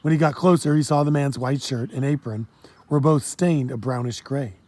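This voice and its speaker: A man reading a children's storybook aloud in a steady, plain storytelling manner. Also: medium pitch, normal speed. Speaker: audiobook narrator. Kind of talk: storybook narration.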